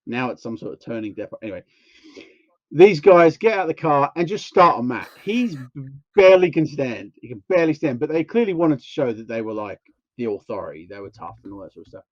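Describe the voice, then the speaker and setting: A man co-hosting a casual podcast tells a long, rambling anecdote, animatedly acting out what people said. His mid-range voice is brisk, and the lo-fi recording has no room sound.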